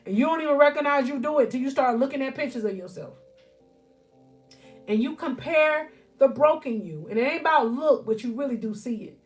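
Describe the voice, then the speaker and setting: A woman with a high voice preaches encouragement on a phone live stream from her bedroom. Her delivery is fervent, and she builds on repeated phrases while calling out to her viewers. Soft music plays faintly behind her. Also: animated, fairly quick. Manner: fervent, repeats phrases, keeps addressing listeners as y'all. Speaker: life coach. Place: at home, near her bed.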